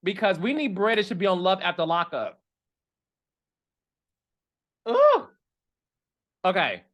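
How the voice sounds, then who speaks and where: Talking fast in a fairly bright tone, this reality TV gossip host speaks directly to his viewers. He's dramatic and sassy, and his animated, casual commentary keeps jumping to high exclamations.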